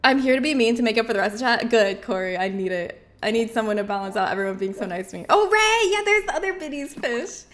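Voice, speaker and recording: A woman streamer chatting casually with her live chat, bubbly and quick to laugh. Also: medium pitch, lively intonation.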